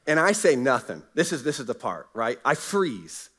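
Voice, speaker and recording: A man's voice: mid-range voice, big pitch swings, normal speed, fairly bright tone, slightly rough. Earnest man telling a story from the pulpit. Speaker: pastor. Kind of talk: sermon. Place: church sanctuary.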